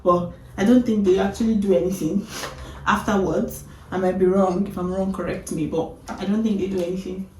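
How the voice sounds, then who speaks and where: A woman vlogger casually retelling a story, animated, often breaking into laughter. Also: mid-range voice, brisk, roomy sound, distant mic, a little hiss or hum, low-quality recording.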